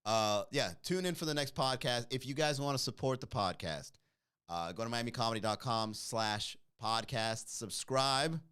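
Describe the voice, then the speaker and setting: Smooth and mid-range, his voice carries a comedy podcast livestream where he reads out comments from chat. He teases, laughs readily, and keeps things animated.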